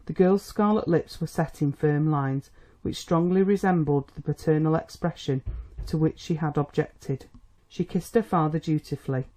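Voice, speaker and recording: An audiobook narrator reading a period novel with measured, steady storytelling. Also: medium pitch. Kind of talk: scripted narration.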